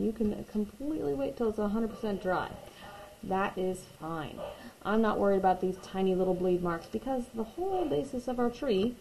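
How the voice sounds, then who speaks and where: Female art instructor, slightly high, gravelly tone, calm reassuring walkthrough, faint background noise. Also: poor audio. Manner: patient, reassuring, repeats key points. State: hiccups. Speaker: art teacher. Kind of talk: watercolor painting tutorial.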